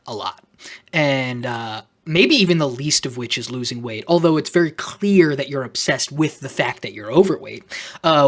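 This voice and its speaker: A man's voice: medium pitch, fairly bright tone. Guy rambling sarcastically on his vlog, lots of self-conscious little asides. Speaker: YouTuber. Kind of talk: off-the-cuff vlog commentary.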